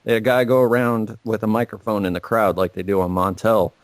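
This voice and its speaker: A man's voice: on the low side, quick pace, dry recording. A man co-hosting a casual podcast from a garage, rambling and swearing constantly. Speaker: podcast co-host. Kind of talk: profane casual chat. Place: home garage.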